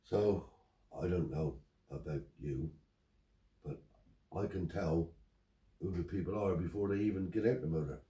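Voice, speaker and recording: A man's voice: sits low, unhurried, pauses often. An older man, telling stories and acting out the dialogue in a casual chat. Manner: animated storyteller acting out dialogue. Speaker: interviewee, Romany Traveller. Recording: roomy, picked up from a distance.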